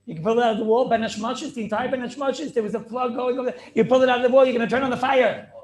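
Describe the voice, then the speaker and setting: A man teaching an animated Torah class over a video call, firing questions and mixing in Hebrew and Yiddish terms. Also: very high-pitched, racing, a little hiss or hum. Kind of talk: lively online Torah class.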